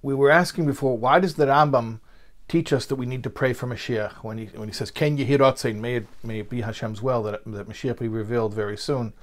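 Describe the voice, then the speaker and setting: A man's voice: mid-range voice, fairly even intonation, a little fast. A man teaching a Torah lesson in a conversational lecture style, with frequent fillers and restarts. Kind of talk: spoken lecture.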